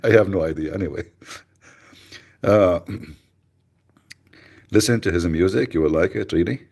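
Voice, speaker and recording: A man hosting a live radio show, chatting casually with mocking, rambling, deadpan asides. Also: low voice, moderate pace, vocal fry, slightly rough. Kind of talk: casual joking livestream chat.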